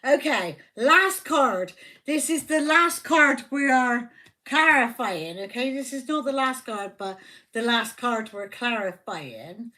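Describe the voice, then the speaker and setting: Slow, bright-voiced, swearing woman. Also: fairly high pitch, expressive. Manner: profane, blunt and joking. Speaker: tarot reader. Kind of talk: casual live tarot reading. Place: home livestream.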